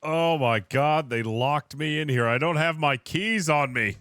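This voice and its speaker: A man's voice: on the high side, measured pace, no echo, clean studio sound. A man live-streaming a role-play as a ship captain, talking theatrically and calling out for help. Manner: animated, theatrical, shouting for help.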